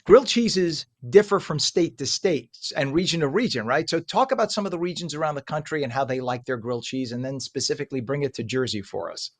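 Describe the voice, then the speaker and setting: A man's voice: fairly high pitch, lively intonation, a little fast, hardly any pauses. A man hosting a live TV morning show interview, chatty and joking, eating food on air.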